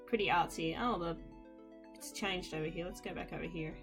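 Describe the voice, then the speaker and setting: A woman's voice: lowish voice, a little fast, over music. Chatty woman doing game commentary. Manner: chatty, wry, rambling. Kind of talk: casual let's-play commentary.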